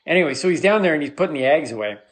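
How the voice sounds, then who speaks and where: A male comedian rambles through a solo podcast monologue with a voice pitched a bit above the usual for a man. He tells his story in an animated, mock-rallying way and jumps into a squeaky high voice when he quotes people. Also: racing.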